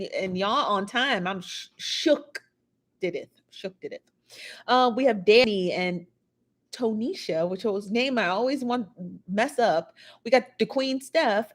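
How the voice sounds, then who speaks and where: A woman hosting a live gossip show, chatting casually, greeting viewers by name and laughing often, seated at home on a built-in device mic. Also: on the high side. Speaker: livestream gossip show host. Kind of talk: casual live-chat talk. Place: seated at home in a squeaky chair.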